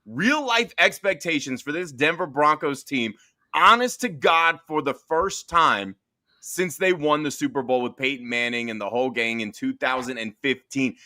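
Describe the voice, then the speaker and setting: A man's voice: medium pitch, lively intonation, normal speed, bright, forceful tone, dry recording, studio quality. A man hosting a podcast, chatting casually and running through playful, teasing rants. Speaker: podcast host.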